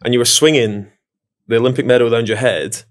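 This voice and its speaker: A young podcast host talks fast and keeps the chat moving with jokes. His pitch is middling and his tone teasing as he nudges guests to tell stories. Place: podcast studio.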